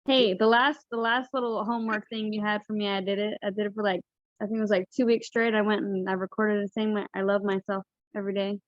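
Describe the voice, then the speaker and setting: A woman's voice: mid-range voice, little pitch movement, fast talker, no echo, highs cut off. A woman taking part as a coaching client on a call, talking hesitantly and laughing often.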